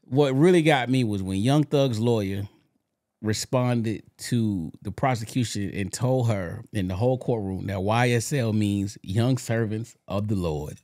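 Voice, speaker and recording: A man co-hosting a podcast, telling stories in a loose, profane, animated way. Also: on the low side, unhurried, no echo, clean studio sound. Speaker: podcast co-host. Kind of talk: casual chat.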